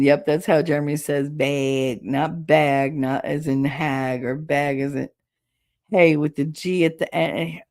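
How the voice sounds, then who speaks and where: A woman's voice: low-pitched, vocal fry, a little mellow. A middle-aged woman hosting a livestream, chatting casually and rambling, often laughing as she reads comments. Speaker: livestream host reading chat. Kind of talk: casual chat.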